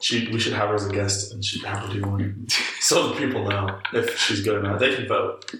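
A man's voice: lowish voice, fairly even intonation, a little fast, background noise. Goofy young man, echoey distant podcast. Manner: goofy, laughs often. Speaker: podcast co-host. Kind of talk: casual podcast banter. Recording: echoey room, mic at a distance.

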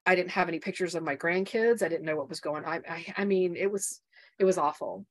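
A middle-aged woman, a podcast guest who coaches mothers, telling a painful personal story in an interview, earnest and halting with many restarts. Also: on the low side.

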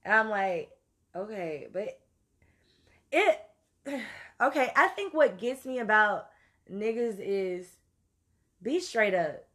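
A woman telling a story in an animated, profane way, moving between loud outbursts and low asides. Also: slow pace, long pauses. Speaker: podcast host. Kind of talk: storytelling monologue.

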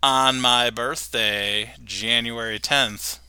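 A man's voice: medium pitch, steady tone, slow pace, bright, forceful tone, smooth, no echo. A man hosting a podcast, recapping a cartoon episode in a chatty way and laughing often. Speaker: podcast host. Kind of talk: casual chat, recapping an episode.

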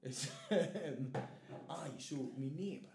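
A man's voice: on the high side, takes it slowly, gravelly. A man with a Geordie accent co-hosting a podcast, telling sweary stories and laughing mid-sentence. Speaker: podcast co-host. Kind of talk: casual podcast banter. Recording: echoey room with faint noise.

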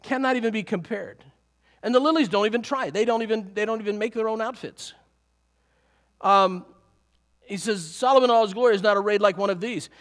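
A middle-aged man preaching a sermon to a congregation, lively and animated, often chuckling. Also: high voice, fairly quick, pauses often. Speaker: pastor.

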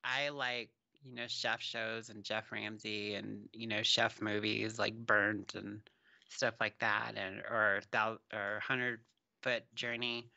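Man, podcast co-host, gravelly, very bright tone, rambling casual chat, dull lo-fi mic. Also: on the low side, little pitch movement, slow. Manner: rambling, trails off with fillers.

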